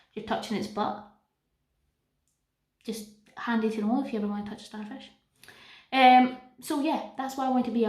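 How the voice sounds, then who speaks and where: A young Scottish woman telling stories in a casual vlog, chatty and self-deprecating, full of jokey asides. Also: a little high. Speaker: vlogger. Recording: echoey room.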